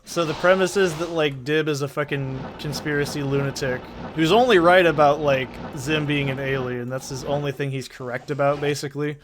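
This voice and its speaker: A man with a slightly higher voice and a stuffy head cold talks loosely over his gameplay. He rambles and swears freely, padding his sentences with "like". A faint hiss sits under his desk mic. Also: steady tone, brisk, hardly any pauses. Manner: rambling, profane, heavy on "like" fillers. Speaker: gaming channel host. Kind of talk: casual gameplay commentary.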